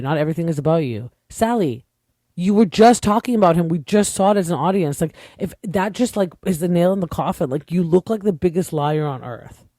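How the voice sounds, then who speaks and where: A man's voice: high voice, mellow, dry recording, clean studio sound. A young man from Canada, an opinionated podcast host chatting casually through a reality TV recap with lots of fillers.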